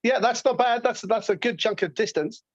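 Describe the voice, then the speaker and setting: A high-pitched man talks with lively enthusiasm as a guest on a podcast, often breaking into laughs. The sound is dull and slightly lo-fi, with a dry, close feel. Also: moderate pace, dry recording. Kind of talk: casual chat.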